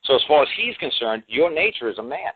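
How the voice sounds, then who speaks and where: A man's voice: mid-range voice, very animated, fast, slightly rough, no room sound. A man speaking as a talk show guest in a folksy, emphatic monologue, often acting out the voices of the people he quotes. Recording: tinny phone line, dry.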